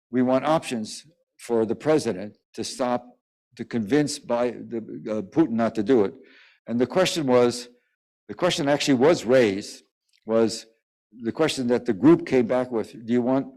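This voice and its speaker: Male journalist at a press conference; dark, relaxed timbre, meandering and halting delivery. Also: medium pitch, low-quality recording. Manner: digressive, halting, many fillers and restarts. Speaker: guest journalist answering press questions. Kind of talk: rambling press conference answer.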